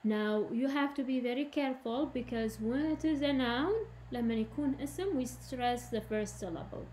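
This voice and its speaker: A woman's voice: a little high, a little fast, darkish tone, slight background noise. Woman teacher. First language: Arabic. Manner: explains in English then repeats in Arabic. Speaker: English teacher. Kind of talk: recorded classroom lesson.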